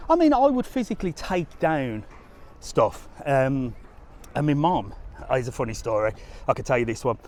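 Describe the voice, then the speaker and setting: A man's voice: medium pitch, big pitch swings, normal speed, a little mellow, slight background noise. A man chatting casually to a live audience as he walks outdoors by a harbour, rambling through stories and laughing often. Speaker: travel vlogger. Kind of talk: casual live-stream chat.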